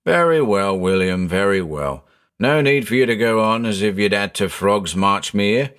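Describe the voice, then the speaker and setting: A man's voice: lowish voice, lively intonation, moderate pace, a bit bright, clear, resonant tone. A man voicing a chatty working-class male tram conductor who rambles in thick dialect, in a storybook reading. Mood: aggrieved.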